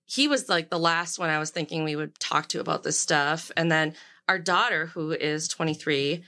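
A woman's voice: low-pitched, moderate pace, bright, forceful tone. A woman in her forties telling candid stories in casual chat, acting out the dialogue as she goes. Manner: candid storyteller, acts out quoted dialogue. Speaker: podcast guest.

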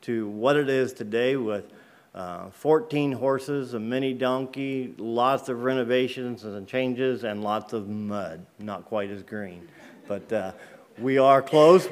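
A man speaking as a guest in a church, telling a personal faith story in a plain, conversational way with casual grammar. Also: lowish voice. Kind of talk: personal testimony in a church service. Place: church sanctuary.

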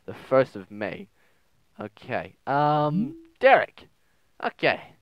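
A man's voice: mid-range voice, very animated, takes it slowly, no room sound, dull audio. A young man giving casual, crude, joking commentary while playing a game, often reading messages aloud in silly voices. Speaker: gaming video host. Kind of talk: casual let's play commentary.

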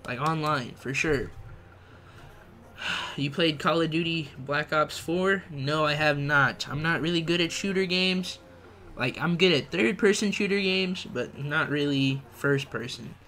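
Bright-voiced young man chatting with his stream. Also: a little high, measured pace, a little hiss or hum. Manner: slangy, laughs often, reads chat aloud. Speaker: gaming livestreamer. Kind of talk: casual live-stream chat.

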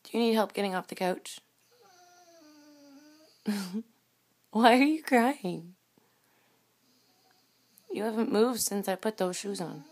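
A woman's voice: medium pitch, fairly even intonation, normal speed, pauses often, a little mellow. A woman at home filming her dogs on the couch, coaxing them in a repetitive sing-song pet voice. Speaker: dog owner filming her pets. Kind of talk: home video talk to pets. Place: home living room with a couch.

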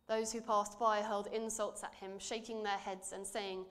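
Reading scripture from the pulpit, this woman speaks in an earnest, measured way, letting her voice drop softly to stress points. She has a medium pitch and a level tone.

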